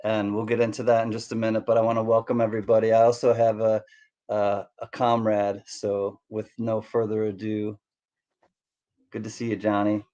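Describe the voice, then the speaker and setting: A man hosting a casual livestream, cheerfully greeting viewers by name in quick shout-outs. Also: on the low side, completely flat delivery, highs cut off. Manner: upbeat, reads out chat names in quick greetings. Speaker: livestream host.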